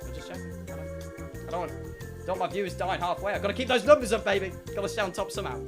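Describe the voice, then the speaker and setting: A man's voice: high-pitched, racing. A man streaming, telling a comic story to his chat, swearing and exaggerating. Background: music.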